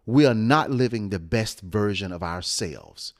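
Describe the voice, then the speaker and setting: A man co-hosting a late-night motivational live stream, with a smooth radio-style voice and a preacherly way of repeating phrases for emphasis. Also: lowish voice, animated, unhurried.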